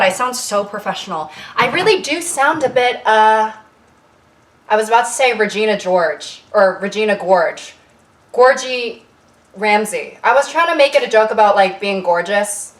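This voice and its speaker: A woman's voice: mid-range voice, a bit bright, slight background noise. A young woman chatting casually while cooking in her home kitchen, self-mocking and rambling, filling gaps with lots of fillers. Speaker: YouTuber. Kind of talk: casual cooking vlog chat. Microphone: camera tilted down on the counter. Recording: roomy kitchen sound from a distant camera mic.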